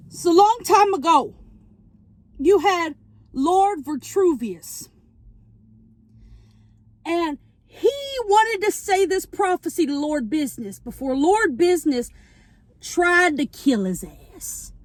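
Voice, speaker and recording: A young woman vlogger in her parked car, recapping a movie plot in an animated, chatty way while she eats, and she keeps checking in with "okay?". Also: high-pitched. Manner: talking while eating.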